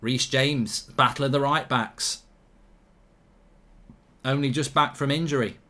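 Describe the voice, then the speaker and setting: A man hosting a live football watchalong stream, commentating excitably, swearing casually and ranting in bursts. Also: medium pitch, a little slow.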